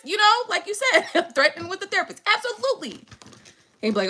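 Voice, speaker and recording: A woman chats loosely during a live tarot reading. She is profane and quick to laugh. Her voice sits high and swings widely in pitch. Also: sing-song, sharp tone. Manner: blunt, profane and laughing often. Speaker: tarot reader on a live stream. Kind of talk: casual live-stream chat.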